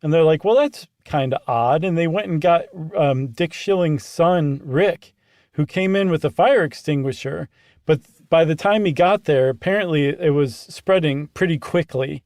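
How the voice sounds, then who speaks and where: Animated man retelling a story. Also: a little high, normal speed, no echo, clean studio sound. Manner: animated, hesitant with fillers, retells events from notes. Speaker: podcast co-host. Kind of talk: casual conversational storytelling.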